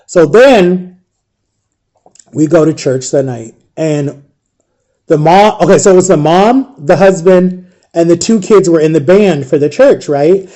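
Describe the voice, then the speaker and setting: A man in his thirties with a slightly high, mellow voice tells a story from his own life. He rambles casually and lets his voice fall almost to a hush when the memories get heavy. He is from Ohio. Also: a little slow. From Ohio, USA. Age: 30s. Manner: rambling, softens to a hush at emotional moments. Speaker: vlogger.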